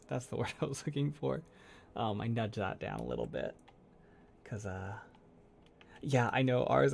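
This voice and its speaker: A man who makes ASMR content, hosting a casual livestream chat, soft-spoken and rambling, laughing often as he answers chat. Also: medium pitch, creaky, slight background noise.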